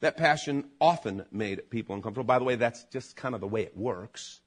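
A man preaching a sermon as pastor, animated, building to loud emphatic peaks and then dropping low. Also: brisk.

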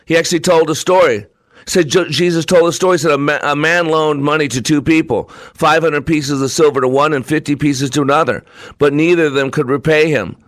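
A man's voice: fairly high pitch, fairly even intonation, fairly quick, no echo. A man hosting his own talk show, delivering an emphatic, repetitive, preacher-like monologue. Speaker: show host.

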